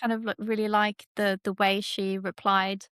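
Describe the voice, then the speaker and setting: A woman's voice: mid-range voice, flat delivery, moderate pace, a bit bright, smooth, dry recording, studio quality. A woman co-hosting a podcast in casual chat, talking in a chatty, rambling way with many restarts. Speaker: podcast co-host.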